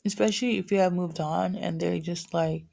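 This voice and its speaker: A woman's voice: lowish voice, fairly even intonation, moderate pace, vocal fry, mellow. A woman with a morning voice giving a casual spiritual reading to viewers, rambling with many fillers and restarts. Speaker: spiritual reader.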